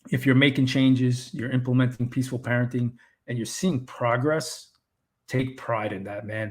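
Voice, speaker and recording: A man co-hosting a casual podcast chat, speaking earnestly and encouragingly about being a father, often restarting his sentences. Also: medium pitch. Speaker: podcast co-host.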